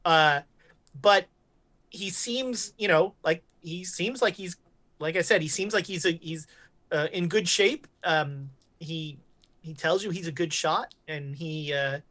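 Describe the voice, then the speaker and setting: A woman narrating as game master of a tabletop game, unhurried and full of fillers. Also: on the low side, fairly bright tone.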